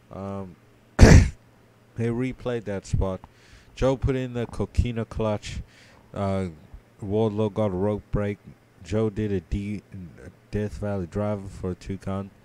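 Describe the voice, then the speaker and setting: A man co-hosting a podcast, giving a casual play-by-play recap of a wrestling match, sleepy and yawning, his voice trailing off quietly with many ums. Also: fairly low pitch, a little hiss or hum. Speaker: podcast co-host.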